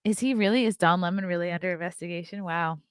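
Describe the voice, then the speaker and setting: A woman's voice: on the low side, fast, smooth, dry recording, clean studio sound. A woman, hosting a casual live stream, chatty and profane as she reads out the chat. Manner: blunt, profane, chatty, laughs often. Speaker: podcast host reading live chat.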